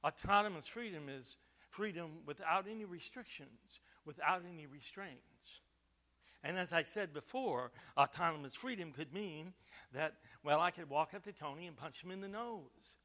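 A man preaching a sermon as pastor, stressing key words slowly and swinging from quiet to loud. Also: a little high, animated. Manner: preaching with emphatic slow stresses and big swings in loudness.

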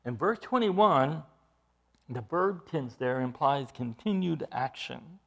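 Male preacher, high voice, sweeping and lively intonation, emphatic expository sermon. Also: slow pace, creaky. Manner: emphatic, explains scripture verse by verse.

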